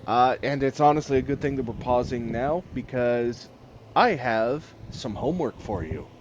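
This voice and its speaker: A man narrating as game master for a tabletop game, relaxed and chatty. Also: mid-range voice, normal speed. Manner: relaxed, chatty, with fillers and laughs. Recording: slightly muffled stream audio with faint background noise.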